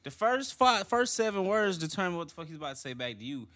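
A young man with a bright, lively voice that swings up and down as he talks. He joins a profane, casual chat among friends, jumping in with quick reactions and short stories. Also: high-pitched.

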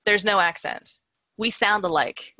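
Canadian woman, 40s, podcast guest; bright, rambling, dry close sound. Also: mid-range voice, unhurried, no room sound, low-quality recording. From Southern Ontario, Canada. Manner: rambling, restarts often, thinks aloud. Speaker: musician guest. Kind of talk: casual podcast interview.

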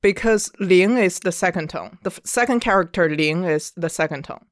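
Calm co-host explaining plainly. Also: mid-range voice, normal speed, dry recording, clean studio sound. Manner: patient, matter-of-fact explaining with short affirmations. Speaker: co-host teaching the language. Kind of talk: conversational language lesson.

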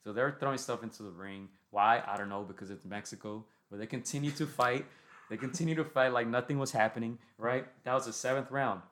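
A man's voice: medium pitch, a little fast, a bit bright. A man co-hosting a casual boxing podcast, recounting a fight blow by blow and checking in with "right?". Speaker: podcast co-host.

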